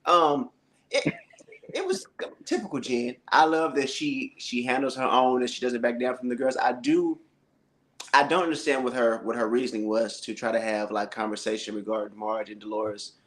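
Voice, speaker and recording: A man on a live discussion panel, giving emphatic, expressive opinions in a casual way and laughing now and then. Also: medium pitch, moderate pace.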